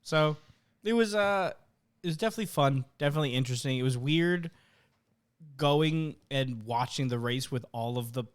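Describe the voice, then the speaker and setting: A young man with a clear, resonant voice co-hosts a casual podcast. He tells stories in an animated way and often laughs. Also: medium pitch, moderate pace. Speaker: podcast co-host. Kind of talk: casual chat.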